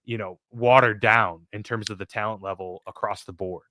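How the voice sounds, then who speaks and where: A man's voice: on the low side, steady tone, normal speed, sharp tone, no room sound. A man co-hosting a casual sports podcast, easygoing and agreeable as he runs through picks. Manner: easygoing, agreeable, laughs along. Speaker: podcast co-host.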